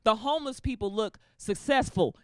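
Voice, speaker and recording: A woman's voice: a little high, moderate pace. A woman performing a stand-up comedy set, telling stories and acting out the people in them. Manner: animated storytelling, acting out characters. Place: comedy club stage with laughing audience. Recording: live stage mic with audience laughter.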